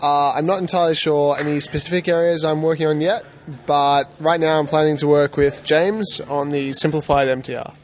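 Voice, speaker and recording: A man with an Australian accent answers interview questions in short, plain sentences. His voice sits slightly higher than most men's. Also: fairly even intonation, a little fast.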